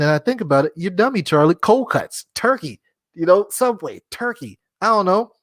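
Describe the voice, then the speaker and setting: A podcast host runs a casual solo show, rambling, joking, and often laughing at himself. His voice is high with big pitch swings, a fairly bright tone, and normal speed, captured in a dry, studio-quality recording.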